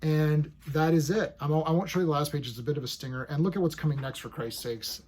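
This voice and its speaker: A man casually reviewing a comic, excitable and animated, paraphrasing characters' lines in quick bursts. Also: fairly high pitch, slight background noise.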